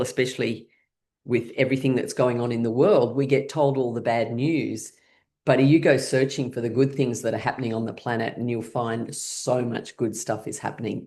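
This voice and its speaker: Brief: middle-aged woman, deep voice, laughter yoga leader on a video call, playful, whooping highs. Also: mellow.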